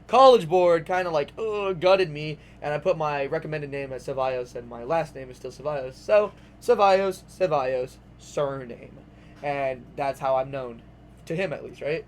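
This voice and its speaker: Young man rambling through a story, slightly high voice. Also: moderate pace, slight background noise. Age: young adult. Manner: rambling, animated, swears freely, many "like"s. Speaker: vlogger. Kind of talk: casual storytelling vlog.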